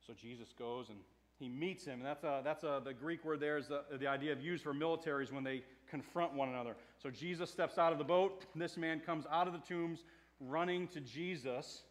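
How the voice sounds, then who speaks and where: A man preaching a sermon in a conversational way, swinging from hushed to loud. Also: on the high side, a little fast. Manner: conversational with fillers and restarts. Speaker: pastor.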